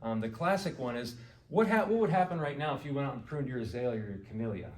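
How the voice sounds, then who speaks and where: A man's voice: medium pitch, animated, fast talker. Man lecturing in an echoey hall. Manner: conversational, quizzes the audience, many "you know"s. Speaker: garden club speaker and author. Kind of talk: casual lecture to a live audience. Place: indoor meeting hall with audience. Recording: echoey hall recorded from far off.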